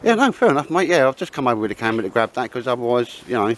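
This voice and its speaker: A man's voice: medium pitch, big pitch swings, racing. A man hosting, in a rambling, matey casual chat outdoors in the woods. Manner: rambling and matey, always saying mate and sir. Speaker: host.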